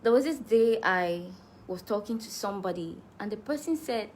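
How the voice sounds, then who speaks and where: A musician with a Cameroonian accent chats casually through fan questions in a live Q&A, laughing easily and restarting her sentences. Her medium-pitched voice is a little mellow, with lively intonation and normal speed, over slight background noise.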